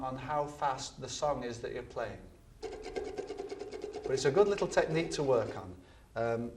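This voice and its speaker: A man's voice: mid-range voice, background noise. A man teaching ukulele in an instructional video, speaking patiently and repeating his words now and then. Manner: patient, counts beats aloud while strumming, repeats words. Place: studio. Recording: from a distance, with ukulele strumming.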